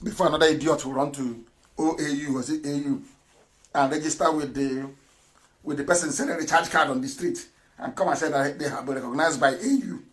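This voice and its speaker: A middle-aged man giving a fiery political radio broadcast, mocking his opponents and breaking into shouts and laughter. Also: on the high side, brisk.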